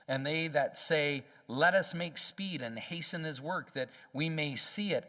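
A man's voice: a little high, fairly bright tone. Emphatic man preaching in a reverberant church. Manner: emphatic, folksy preaching with voiced quotes of God. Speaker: pastor. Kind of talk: sermon.

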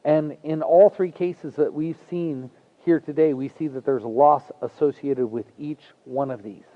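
A pastor delivers his sermon in a fairly high male voice, talking to his congregation the way he'd talk to friends. He is earnest and folksy, slipping easily into personal asides. The recording sounds dull and lo-fi. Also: steady tone, unhurried.

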